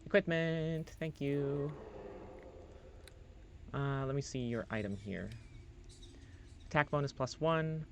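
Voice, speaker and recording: A man in casual gameplay commentary, talking in a loose, rambling flow and dropping casual swears as he goes. He reads the game's text aloud between his own remarks. His voice sits at an ordinary middle pitch, with a faint hiss of noise behind it. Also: animated, measured pace, lo-fi sound. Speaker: game streamer.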